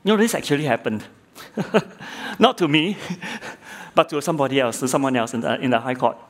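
A middle-aged male lay preacher delivering a sermon, neither high nor low in pitch. He builds his point through a courtroom story and rhetorical questions. He often stumbles and repeats a word as he starts a new phrase. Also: moderate pace. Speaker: lay preacher, former judge.

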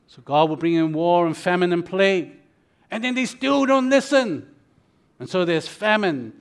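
A man with a high voice delivers a sermon as the pastor. His preaching is dynamic, with loud, rising warnings and quiet, slowed phrases in between.

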